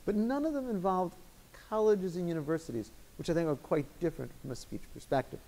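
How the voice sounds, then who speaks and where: Articulate Chicago-accented man, higher voice. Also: gravelly, mellow. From Chicago, United States. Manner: articulate, measured legal explanation. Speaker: guest lecturer answering questions. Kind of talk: lecture Q&A. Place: law school lecture room.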